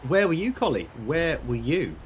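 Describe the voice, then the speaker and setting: A man's voice: a little high, big pitch swings, moderate pace, a little hiss or hum. A man from Britain co-commentating a video game match, dry and teasing, with thoughtful tactical takes.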